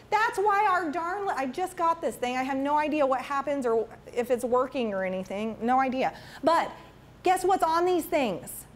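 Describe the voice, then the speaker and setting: A woman giving a chatty, animated talk to a room of parents, often tossing questions to the audience. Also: high voice, slight background noise. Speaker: school parent education presenter. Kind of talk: casual presentation to parents.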